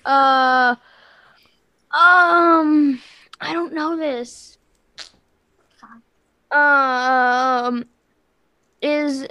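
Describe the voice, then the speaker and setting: A woman's voice: high-pitched, pushed and bright, dry recording. A woman playing as a quiz contestant, guessing hesitantly with many ums.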